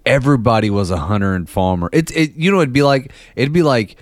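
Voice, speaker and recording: A man's voice: medium pitch, animated, fast, no room sound, studio quality. A man co-hosting a casual podcast chat, telling stories in a loose, rambling way full of fillers. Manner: rambling, filler-heavy storytelling with laughs. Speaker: podcast co-host.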